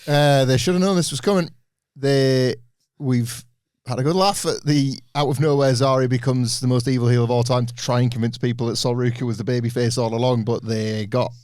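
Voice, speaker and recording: Co-host, middle pitch, wry, dry close mic. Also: male voice, a little mellow, dry recording. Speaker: podcast co-host. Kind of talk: casual chat.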